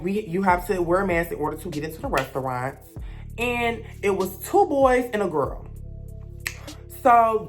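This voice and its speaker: Young woman, sassy storytime rant, lively rising and falling pitch, low voice, faint music behind. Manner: sassy, blunt, gossipy. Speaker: vlogger.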